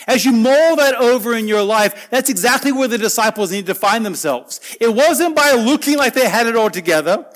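A man preaching a sermon, earnest and conversational, swinging between loud emphatic lines and quiet soft asides. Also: very high voice, expressive, moderate pace, few pauses.

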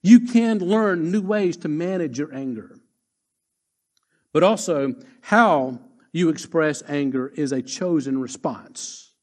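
A pastor delivering a sermon in a somewhat high voice. He is emphatic and restates his main points at a slower, deliberate pace. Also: animated, darkish tone. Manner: emphatic, repeats key lines slowly.

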